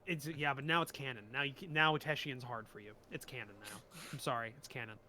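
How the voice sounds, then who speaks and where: A man running a tabletop game as game master, halting and laughing as he narrates. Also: mid-range voice, steady tone, a crowd in the background. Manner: halting, full of fillers and laughs.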